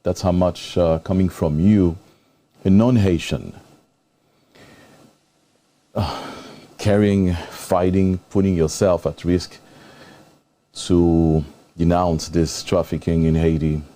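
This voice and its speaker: A man's voice: sits low, fairly even intonation, slow, pauses often, dark tone. A man hosting a live interview show, openly moved and thanking his guest at length. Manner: emotional, effusive thanks. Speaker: host.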